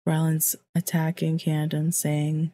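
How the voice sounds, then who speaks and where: A woman's voice: low voice, monotone, takes it slowly, dark tone. A woman hosting a let's play, chatting casually over her game, exclaiming and joking, and reading out what the characters say in her own voice. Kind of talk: casual gameplay commentary.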